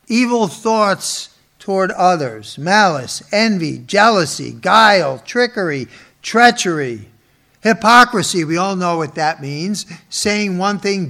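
A man's voice: on the high side, a bit bright. A man preaching to an audience, stressing word lists and asking questions he then answers himself. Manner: expository preaching with rhetorical questions; slow, emphatic listing of words. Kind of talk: sermon. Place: in front of an audience.

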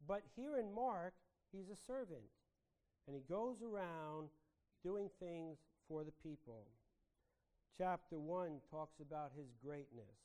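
A man's voice: fairly high pitch, animated, slow pace, warm tone, low-quality recording. A man preaching a sermon to a congregation, earnest and full of rhetorical questions.

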